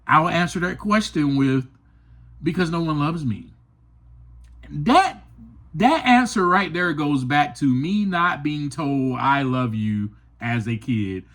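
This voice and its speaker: An earnest man talks slowly through a personal story on his podcast, his voice swooping widely from high, passionate peaks to low, quiet asides. He is emphatic and open. He takes his time over each thought. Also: lively intonation. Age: adult. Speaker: podcast host. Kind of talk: personal reflective monologue.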